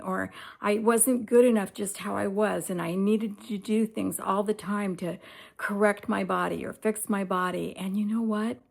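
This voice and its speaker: A woman's voice: mid-range voice, creaky, darkish tone. A woman in her seventies talking candidly and reflectively in a casual personal vlog. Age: 70s. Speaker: lifestyle vlogger.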